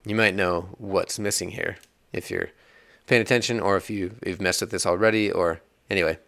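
A man with a low voice walks through a coding tutorial in a relaxed, chatty way, thinking aloud and laughing when the software misbehaves. His voice is recorded close on a desk mic in a dry space. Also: moderate pace, vocal fry, no room sound. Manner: chatty, rambling, laughs at bugs. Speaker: iOS developer tutorial host.

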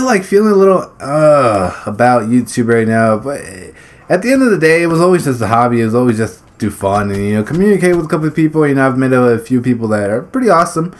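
A man talking casually over his gameplay, rambling, swearing freely and blurting out exclamations as he plays. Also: on the high side. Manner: rambling, swears freely, laughs between phrases; blurts exclamations during play. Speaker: gaming YouTuber.

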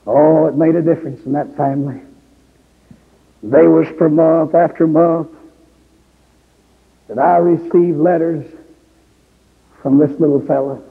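A male preacher telling a story in a sermon, his voice rising into crying shouts at emotional peaks. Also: fairly high pitch, fairly even intonation, unhurried, gravelly, long pauses, slightly rough. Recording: tinny phone-like audio in a reverberant hall.

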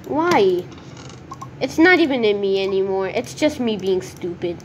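A woman commenting on her own gameplay as she plays, talking to herself in an excitable, nervous way. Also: mid-range voice, a little slow, a little hiss or hum. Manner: excitable, nervous self-talk. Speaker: gaming video creator.

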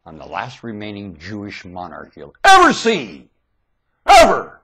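A man ranting erratically into a webcam at home, swinging from shouting to low muttering. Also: wildly swooping pitch, a little slow, slightly rough. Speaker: vlogger. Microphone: webcam mic.

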